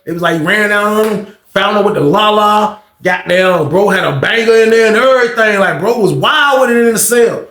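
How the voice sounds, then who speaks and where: A man telling a story casually and animatedly, jumping up in pitch to act out other voices. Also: normal speed, hardly any pauses. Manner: animated, acting out voices with big pitch jumps. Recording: echoey room.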